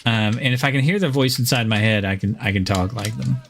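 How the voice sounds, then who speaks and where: A man's voice: medium pitch, fast talker, a bit bright, a little hiss or hum. Man, from the US South, game streamer, rambling casual chat, chuckles a lot, faint keyboard clicks behind. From Southern United States. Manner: rambling, chuckles often, many fillers.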